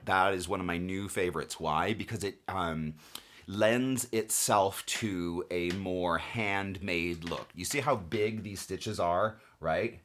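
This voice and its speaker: Deep-voiced man casually teaching quilting. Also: slow. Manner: relaxed, chatty, frequent "right?" and "okay?" check-ins. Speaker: quilting instructor. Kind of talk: casual tutorial demonstration.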